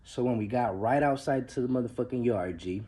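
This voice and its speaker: A man's voice: medium pitch, brisk, dark tone, slight background noise. A man telling a story in a casual, slangy and profane way, dropping in Spanish words and calling the listener "G" and "bro". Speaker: storyteller recounting prison life.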